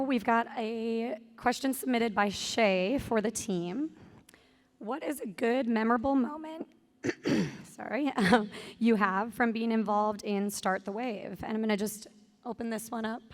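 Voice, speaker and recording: A woman's voice: fairly high pitch, unhurried. A woman moderating a convention panel, thanking speakers and reading out audience questions.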